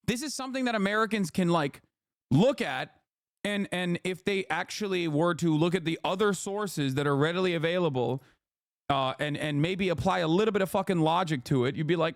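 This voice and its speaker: A male livestream commentator talking in a fired-up, swearing rush of casual commentary. His voice sits fairly high, and the sound is close and dry with no room around it. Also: quick pace, dry recording. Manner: heated, profane, rambling.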